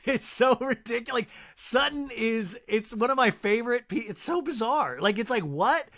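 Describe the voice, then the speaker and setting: A man's voice: extremely high pitch, lively intonation, normal speed, fairly bright tone. A young man hosting a podcast, gossiping about reality TV in casual chat, often slipping into mock impressions. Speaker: podcast host.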